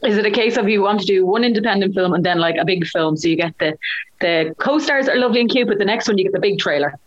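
A woman's voice: mid-range voice, fast. A woman interviewing an actor in a chatty, enthusiastic way. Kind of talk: casual interview questions. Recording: dull lo-fi sound.

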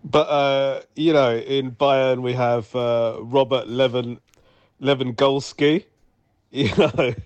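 A man doing a comic impression of a Bavarian man talking about football, slow and hesitant. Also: medium pitch, steady tone, clean tone, no echo, dull audio, close to an everyday voice. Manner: slow, hesitant delivery with a laugh.

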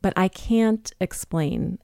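A woman's voice: lowish voice, lively intonation, takes it slowly, vocal fry, dark tone, smooth, no echo, clean studio sound. A woman in her fifties hosting a solo podcast, talking in a chatty, candid, self-deprecating way. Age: 50s. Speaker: podcast host. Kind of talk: casual solo podcast talk.

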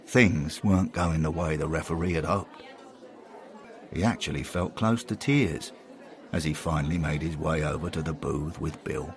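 A man narrating a scripted comic story in a wry, expressive way. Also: extremely low pitch, moderate pace, some chatter behind.

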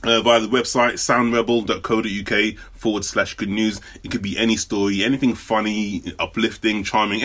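A young man, a stand-up comedian hosting a casual podcast, laid-back and quick to laugh, stumbling over words now and then. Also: mid-range voice, a bit bright.

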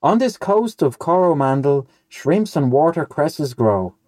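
A man's voice: on the high side, very animated, measured pace, a little mellow, no echo, studio quality, pitched above the performer's own voice. A man doing a lovesick little poem creature. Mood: earnest. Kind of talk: reading a nonsense poem aloud.

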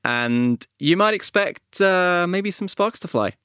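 A man co-hosting a film podcast, casual and joking with quick asides. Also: high voice, animated, a bit bright, clear, resonant tone, no room sound, clean studio sound. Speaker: podcast co-host. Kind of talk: casual chat.

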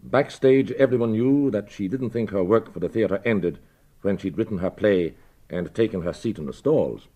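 A man presenting a radio documentary in a measured, scripted way, introducing archive voices. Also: fairly low pitch, warm tone.

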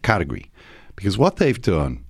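Low-voiced man, mock-serious. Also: huge pitch swings, moderate pace, gravelly, slightly rough, dry recording, studio quality. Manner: mock-serious, like a TV critic reviewing a drama. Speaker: podcast host. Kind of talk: casual chat.

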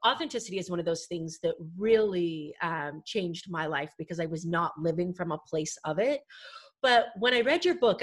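A woman hosting a podcast who interviews her guest in an enthusiastic, affirming way. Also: on the low side. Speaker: podcast host.

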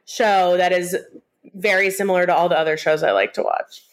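A woman hosts a relaxed podcast conversation from her home. She rambles through her stories with plenty of "um" and "like", dropping in dry jokes along the way. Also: lowish voice, fairly quick. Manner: rambling, filler-heavy, jokey. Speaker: podcast host. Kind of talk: casual podcast chat. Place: at home with cats.

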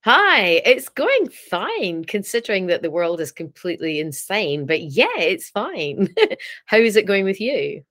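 A woman's voice: mid-range voice, very animated, unhurried, fairly bright tone. A Scottish woman, a podcast guest, chatting casually and laughing often. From Scotland. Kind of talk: casual chat.

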